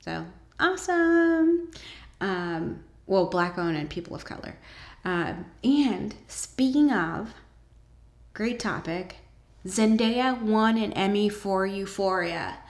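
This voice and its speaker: Woman vlogger, casual chat full of ums and bursts of enthusiasm, slow pace, echoey room. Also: medium pitch. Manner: chatty, lots of ums, enthusiastic asides. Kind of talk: casual chat about shows and books.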